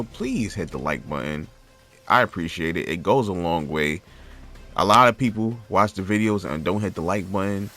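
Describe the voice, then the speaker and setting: A man's voice: fairly low pitch, fairly bright tone. A man hosting his own fighting-game guide channel, talking in a loose, chatty way that often stumbles and repeats words. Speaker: gaming channel host. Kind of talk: casual game guide commentary.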